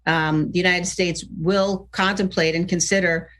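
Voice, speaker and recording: Low, measured female politician. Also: fairly even intonation, fairly bright tone. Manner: measured, hesitant, with fillers. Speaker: politician in archive clip. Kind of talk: formal political speech.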